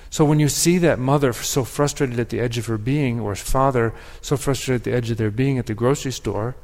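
A man delivers a sermon in a reflective, measured way, pausing and restarting as he thinks aloud. His voice sits in a middle pitch, and a long reverb from the sanctuary trails each phrase. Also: a little mellow. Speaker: pastor.

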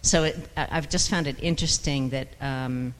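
A man sharing his experience in a class, speaking hesitantly with frequent pauses and fillers. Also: medium pitch, fairly even intonation, fairly bright tone, clear, resonant tone, big-room sound. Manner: hesitant, with many ums and restarts. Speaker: group participant.

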